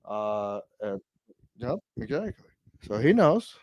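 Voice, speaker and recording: A man talking as a podcast guest in brash, profane, rambling casual chat, swinging between loud outbursts and low mutters. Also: big pitch swings, slow, no room sound.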